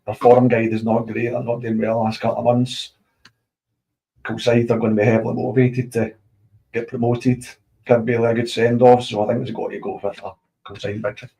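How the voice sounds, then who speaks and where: A man speaking as a football pundit in a steady, matter-of-fact way. His voice is mellow and stays flat in pitch while he runs through form and league positions. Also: fairly quick, vocal fry, low-quality recording. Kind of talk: casual chat.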